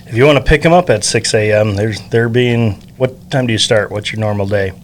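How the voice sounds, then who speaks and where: A middle-aged man hosts a casual interview, friendly and talkative, often breaking in with quick agreeing words. His voice is fairly low, with a faint noise bed behind it. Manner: chatty, agreeable, many short backchannels.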